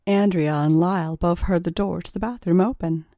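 A woman narrating an erotic story in a calm, measured storytelling manner. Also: lowish voice, no echo, studio quality.

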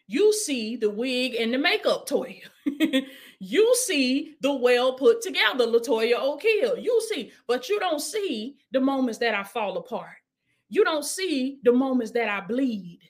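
Woman preacher with a high voice, casual sermon delivery that swings between urging and soft prayer. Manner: preaching with call-and-response, dropping to hushed prayer.

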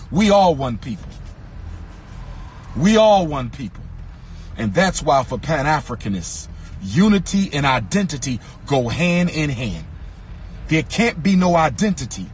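High, lively man giving a rousing speech. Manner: rhythmic, emphatic repetition of lines; occasionally sings or shouts phrases. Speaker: speaker addressing an audience. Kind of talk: impassioned speech.

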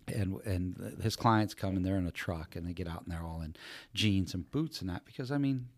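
A man co-hosting a podcast, telling a work story in a casual, animated way and acting out the people in it. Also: sits low, fairly quick, dry recording. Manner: animated storyteller, acts out quoted voices. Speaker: podcast co-host.

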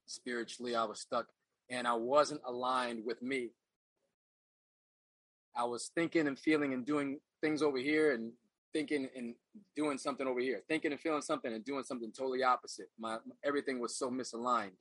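A middle-aged man speaks as a guest in a relaxed interview, earnest and reflective. He doubles back and repeats himself as he gathers his thoughts. His voice has a bright, forceful edge, and the sound is close and dry with almost no room. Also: mid-range voice, a little fast, no echo, low-quality recording. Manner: earnest, reflective, repeats phrases while searching for words. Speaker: podcast guest, actor. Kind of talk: casual interview storytelling.

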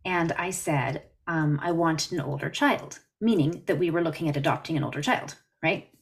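A woman's voice: low-pitched, normal speed, gravelly. A woman from Canada, a therapist, talking earnestly on a podcast interview over a video call. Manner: earnest, explanatory, story-telling. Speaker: therapist guest.

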